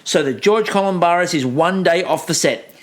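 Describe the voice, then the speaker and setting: A man co-hosting a casual comedy recap, telling stories in an animated, ranting way. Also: high-pitched, moderate pace. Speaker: podcast co-host.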